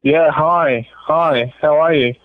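Hesitant Australian male caller, fairly high voice, phone-line thin. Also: slow pace, no room sound. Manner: hesitant and shy.

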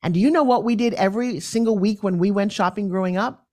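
A woman's voice: medium pitch, fast, hardly any pauses, a little mellow. A middle-aged woman, a podcast guest, telling parenting stories and acting out the voices of her children and others. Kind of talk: conversational storytelling.

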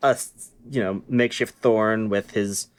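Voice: mid-range voice, fairly even intonation, measured pace. A podcast co-host chatting casually and thinking aloud with a lot of hedging. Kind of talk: casual chat.

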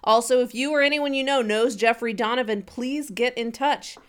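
A woman's voice: fairly high pitch, normal speed, clean tone. Playful woman podcast co-host. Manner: playful, sarcastic, laughs often. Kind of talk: casual comedic podcast chat.

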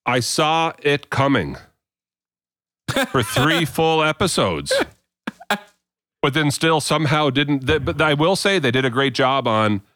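A man's voice: on the high side, unhurried, no room sound. Canadian man, dry close sound, storytelling. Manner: animated storyteller, laughs often. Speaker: podcast co-host. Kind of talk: casual chat among friends.

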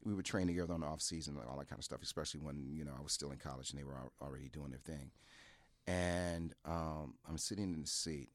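A man talking as a podcast guest, telling animated stories and jumping into loud, high voices when he quotes people. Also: fast talker, no echo. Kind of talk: casual storytelling.

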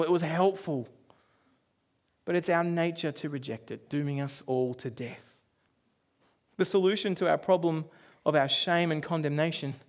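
Male pastor, high voice, chatty sermon delivery with asides and hushed drops. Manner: conversational storytelling with asides and quick dips to a hush.

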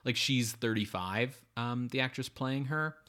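A man's voice: medium pitch, measured pace, bright, forceful tone. Male podcast co-host, casual, rambling and sardonic, mid-range voice. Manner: rambling, filler-heavy, sardonic. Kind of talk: casual movie review chat.

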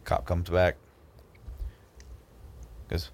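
A man's voice: deep voice, normal speed. A man telling a story in a casual podcast chat, acting out the people in it. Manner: animated, acts out the people in his stories.

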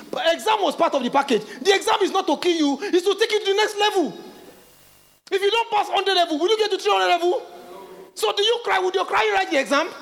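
Nigerian man, middle-aged pastor, very high voice, lively swooping delivery, preaching. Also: vocal fry. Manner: animated preaching, acts out quoted voices, laughs, calls out. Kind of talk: sermon.

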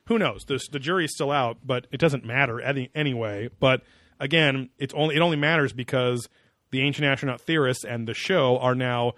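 A man's voice: medium pitch, a little fast, fairly bright tone, dry recording, studio quality. A young man co-hosting a podcast in casual chat, sarcastic and rambling with lots of fillers and swearing. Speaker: podcast co-host.

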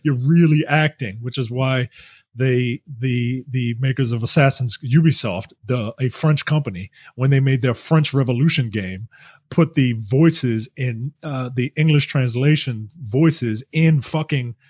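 A man with a husky, slightly breathy voice chats loosely about video games, laughing often and swearing here and there. The sound is dry and close, with no room around it. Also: medium pitch, a little slow, darkish tone, dry recording. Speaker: podcast co-host. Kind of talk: casual chat.

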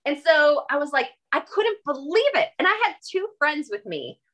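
Woman, podcast guest, animated storyteller, very expressive pitch, blunt and emphatic. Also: normal speed. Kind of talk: casual storytelling conversation.

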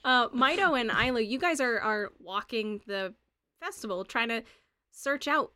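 A woman's voice: on the high side, animated, measured pace, bright, forceful tone, dry recording. A woman running a tabletop game as game master, narrating scenes casually with fillers and laughs. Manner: chatty, laughing, filler-heavy.

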